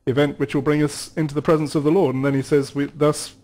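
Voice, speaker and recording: A man's voice: on the high side, little pitch movement, quick pace, mellow. A man teaching about scripture in a studio conversation, reading passages aloud and explaining them earnestly, with occasional restarts. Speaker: guest Bible teacher.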